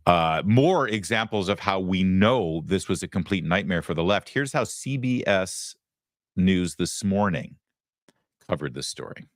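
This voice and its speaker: A man's voice: low voice, expressive, a little slow, dry recording, studio quality. A male host giving sarcastic, emphatic commentary on news clips. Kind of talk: opinionated commentary.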